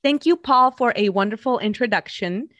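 A woman's voice: a little high, moderate pace, fairly bright tone, dry recording. Upbeat woman interviewing on a podcast. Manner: upbeat, welcoming.

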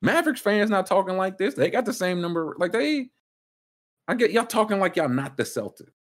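A man hosting a casual sports talk show, ranting emphatically with sudden jumps up in pitch. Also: big pitch swings, fairly quick. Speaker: sports podcast host.

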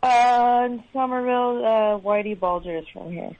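A woman's voice: on the high side, moderate pace, lo-fi sound. A woman from Massachusetts calling in to a radio show, friendly and hesitant, with frequent ums. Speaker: caller. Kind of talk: casual phone call.

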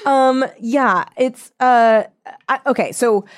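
A woman chatting casually about a book, giggly and animated, swearing for comic effect. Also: on the high side, takes it slowly. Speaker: podcast co-host discussing a book. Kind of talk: casual chat.

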